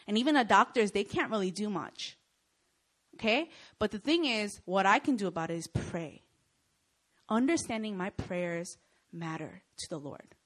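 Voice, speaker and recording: A young woman delivers a sermon to a student audience, her voice sitting at a middle pitch. She tells her stories with lively energy and keeps pausing to check in with her listeners. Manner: animated storytelling, often checks in with "Okay?" and "Right?". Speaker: speaker at a Christian student gathering.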